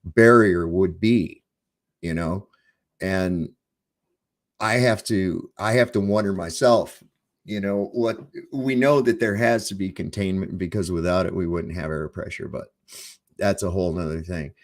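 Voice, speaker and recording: Deep, low male livestream host; loose, profane, rambling chat. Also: unhurried. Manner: rambling and profane, with frequent fillers.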